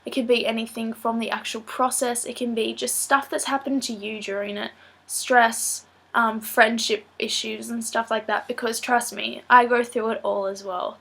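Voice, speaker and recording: A teenage girl with a somewhat high voice, talking casually to her camera. She sounds nasal and stuffy from a blocked nose and a sore throat. She rambles along in a chatty way, filling pauses with ums. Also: fairly even intonation, gravelly, fairly bright tone, slightly rough. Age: late teens. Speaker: student vlogger. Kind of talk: casual vlog talk to camera.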